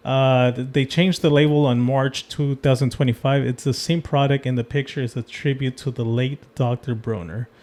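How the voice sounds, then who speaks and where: A man's voice: mid-range voice, fairly even intonation, moderate pace, few pauses, a little mellow. Laid-back male podcast co-host. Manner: laid-back, asks questions, reads comments. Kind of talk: casual podcast chat.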